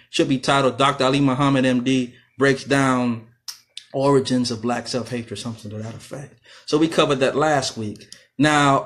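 A man hosting an internet radio talk show, delivering a fiery, emphatic lecture that swings from loud outbursts to low, intense passages. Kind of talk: impassioned lecture.

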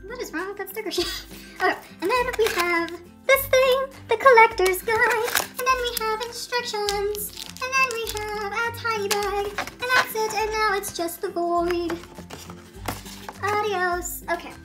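A woman speaks in a very high voice, taking her time through a playful unboxing with dramatic little asides. Music plays clearly behind her. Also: a little slow. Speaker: toy reviewer. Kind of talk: casual unboxing chat.

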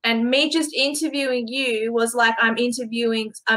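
A woman from Australia interviewing a guest, quick to laugh and apologize. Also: a little high, little pitch movement, pushed and bright. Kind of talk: casual interview.

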